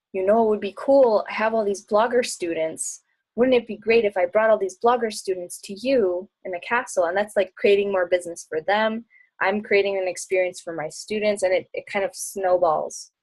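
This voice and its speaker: A young woman talking casually as a travel blogger and coach, chatty and bubbly, often laughing and acting out bits of dialogue. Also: fairly low pitch. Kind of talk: casual talk answering audience questions.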